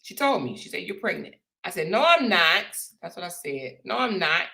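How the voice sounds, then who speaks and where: A woman host telling a personal story to her viewers, animated and chatty, calling them "y'all" and "honey". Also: on the low side, normal speed, vocal fry. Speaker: show host.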